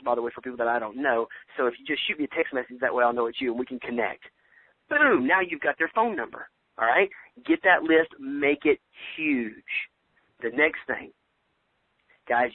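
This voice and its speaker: A man coaching his sales team with loud, punchy enthusiasm and pep-talk slang. His voice sits at an ordinary middle pitch, squeezed thin by a tinny phone line. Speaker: business trainer. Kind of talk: motivational training call.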